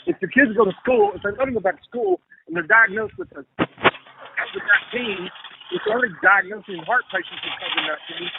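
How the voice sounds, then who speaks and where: High, gravelly man on a tinny line. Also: very animated, brisk. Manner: rambling, profane, repeats himself. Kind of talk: casual conversation. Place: lives in Texas. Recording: tinny phone-like line, faint hiss.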